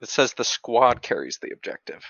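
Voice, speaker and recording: A man on a casual podcast who makes measured points while arguing over rules. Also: mid-range voice, big pitch swings, gravelly, fairly bright tone, no room sound, muffled recording.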